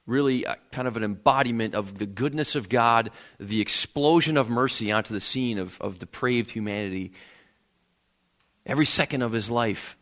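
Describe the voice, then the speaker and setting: A man's voice: medium pitch, moderate pace, a bit bright. A man preaching a sermon in a church, earnest, often repeating words as he builds a point. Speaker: pastor. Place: church sanctuary.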